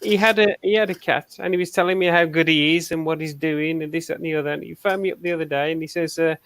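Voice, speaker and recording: Brief: British man, high voice, dry recording, teasing banter. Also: steady tone, fast talker, a bit bright, smooth, no room sound. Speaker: hangout participant. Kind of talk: casual chat.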